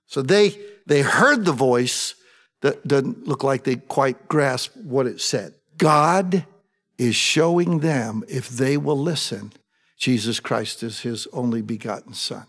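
A man's voice: medium pitch, fairly bright tone, in a large hall. A man preaching a sermon, addressing the congregation and acting out quoted prayers with feeling.

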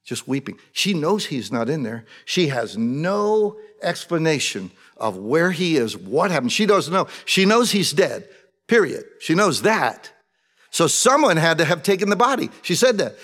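Man preaching, slightly high voice, long hall reverb, storytelling style. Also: sing-song, measured pace, fairly bright tone. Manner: conversational storytelling, acting out quoted voices. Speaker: pastor. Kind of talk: sermon.

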